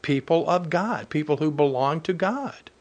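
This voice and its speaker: A man with a slightly higher-pitched voice delivers a sermon to his congregation. He reads Bible verses aloud and presses his points with earnest emphasis. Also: lively intonation, normal speed, darkish tone. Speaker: preacher.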